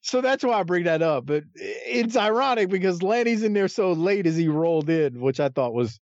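This high-pitched man talks at a moderate pace on a muffled recording with no room sound. He's co-hosting a podcast, casually discussing a wrestling match and animatedly performing the wrestlers' lines in a raised voice.

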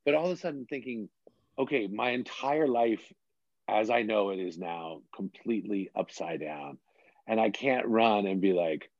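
A man's voice: on the low side, moderate pace, dry recording, highs cut off. A man in his fifties from Washington, D.C., a bishop telling his story in a chatty, self-deprecating way in an interview.

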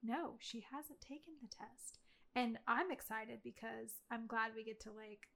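A woman's voice: fairly high pitch, a little slow, vocal fry, a bit bright. A woman co-hosting a casual movie review chat, talking in a gushing, chatty way with lots of fillers. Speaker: podcast co-host.

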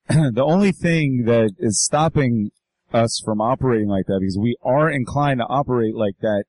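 Brief: man, podcast host, rambling profane musings, relaxed chat. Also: mid-range voice, no room sound, poor audio. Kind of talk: casual chat.

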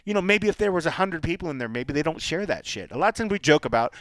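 A man's voice: a little high, fast talker, no echo. A man co-hosting a podcast, chatting casually and telling stories with acted-out quotes. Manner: animated storytelling, acts out quotes. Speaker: podcast co-host. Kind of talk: casual chat. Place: Las Vegas, Nevada.

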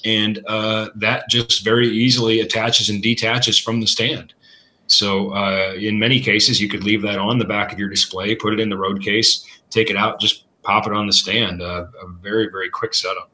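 A man answering questions as an equipment expert, talking casually and filling pauses with "uh" and "you know". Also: fairly low pitch, flat delivery, pushed and bright. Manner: thoughtful, filler-heavy with many uh and you know.

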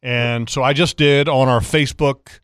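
A man hosting a fishing radio show in a relaxed way, reading out listener questions. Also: medium pitch, normal speed, smooth, no echo, studio quality.

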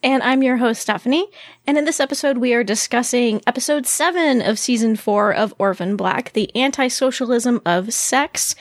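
A woman co-hosting a podcast in casual chat, animated and laughing often as she talks. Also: fairly high pitch, moderate pace, no room sound, clean studio sound. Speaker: podcast co-host.

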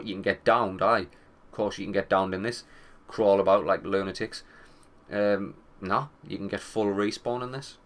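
Sweary, rambling young man, lowish voice. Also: a bit bright. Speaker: gaming commentator. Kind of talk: casual gaming chat.

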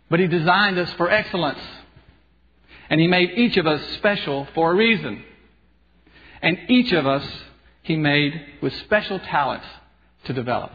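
A male radio host giving an earnest, conversational inspirational talk and telling stories. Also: on the high side. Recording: dull sound with long hall reverb.

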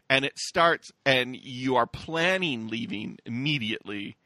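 A bright-voiced man riffs on a podcast, his pitch leaping around as he acts out little scenes. The sound is dry and close, with no room around him. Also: a little slow, no room sound. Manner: animated, jokey, acts out scenes. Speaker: podcast co-host. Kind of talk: casual chat.

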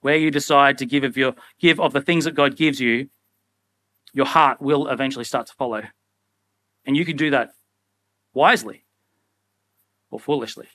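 A young man preaching a sermon in a casual, animated way, often acting out little everyday scenes. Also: mid-range voice, moderate pace, pauses often, dry recording. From Australia. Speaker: pastor.

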